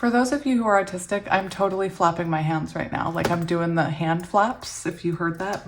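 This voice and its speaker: Giggly, excitable woman reading tarot. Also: on the low side, fairly quick, hardly any pauses. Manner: giggly, excitable, often laughing mid-sentence. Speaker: tarot reader.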